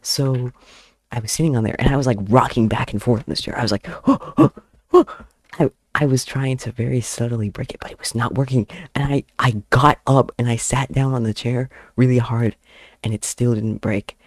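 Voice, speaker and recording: A man's voice: mid-range voice, fairly even intonation, a little fast, no room sound, studio quality. A young man telling a rambling story with frequent giggles while he draws, chatting casually on his channel. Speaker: artist streamer. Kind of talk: casual chat while drawing. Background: faint background music.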